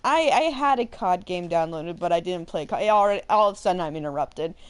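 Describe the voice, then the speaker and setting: Animated young woman telling a story. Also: fairly low pitch, quick pace, smooth. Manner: animated, rambling, full of fillers and laughter. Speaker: gaming channel host. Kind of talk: casual storytelling while playing a game.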